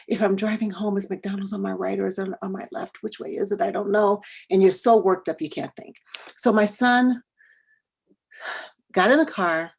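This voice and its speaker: A woman's voice: mid-range voice, vocal fry, breathy edge. A middle-aged woman educator giving a workshop talk, telling a personal story, asking the audience questions and dropping to a whisper for quoted thoughts. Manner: addresses the audience directly with questions.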